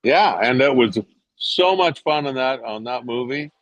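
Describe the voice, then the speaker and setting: An older man from England tells his showbiz stories with animated energy, switching into other people's voices as he quotes them. His middle-pitched voice comes through dry and slightly dull, like remote interview audio. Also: measured pace, dry recording. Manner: animated storyteller, jumps to high voices when quoting others. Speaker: actor guest. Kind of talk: casual anecdote telling.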